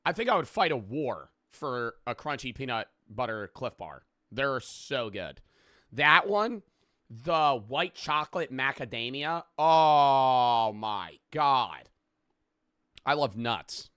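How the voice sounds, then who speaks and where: A man's voice: medium pitch, lively intonation, slow, pushed and bright, clear, resonant tone, no echo, studio quality. A young adult man chatting casually on a live stream, rambling and joking, swearing freely and thanking viewers for subs.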